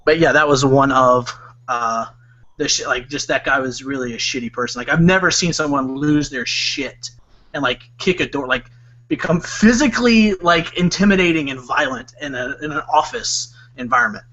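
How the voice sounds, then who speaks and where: A man's voice: mid-range voice, moderate pace, pushed and bright. A young man telling a story in casual podcast chat, rambling and leaning on "like". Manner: rambling, heavy use of "like", bursts of laughter. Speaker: podcast co-host. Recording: dull lo-fi podcast audio.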